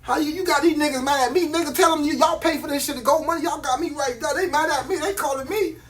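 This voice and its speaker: A man's voice: very high voice, quick pace, a bit bright. A man, selling jewelry on a phone live stream, boastful and slangy, repeating his hype lines.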